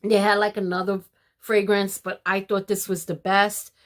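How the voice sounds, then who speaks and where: Older woman, homemaking vlogger; warm, preachy devotional chat. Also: mid-range voice, flat delivery, normal speed. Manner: warm, preachy, addresses viewers as ladies. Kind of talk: casual devotional talk to viewers.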